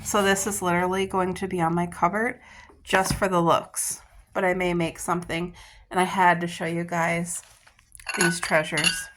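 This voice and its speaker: A woman's voice: lowish voice, level tone, moderate pace, a bit bright. A woman vlogger chatting casually to the camera, gushing and enthusiastic about her finds and her garden. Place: garden outdoors.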